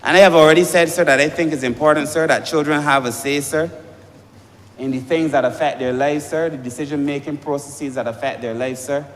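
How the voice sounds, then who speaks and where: A man's voice: on the high side, fairly even intonation, a little fast. A man, a member of parliament giving an emphatic debate speech, addressing the chair as sir again and again. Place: parliament chamber. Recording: long reverb of a debating chamber.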